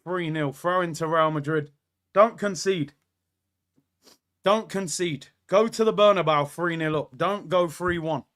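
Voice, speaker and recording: A man with a high, bright voice hosting a live football watchalong from an indoor room. He reacts excitedly to every moment of play and reads viewers' messages aloud. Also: unhurried. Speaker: watchalong host.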